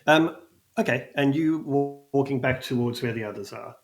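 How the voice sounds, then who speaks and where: A man with a medium-pitched voice narrates at a normal speed as a casual game master, using lots of fillers and laughing easily. The room he's in is echoey.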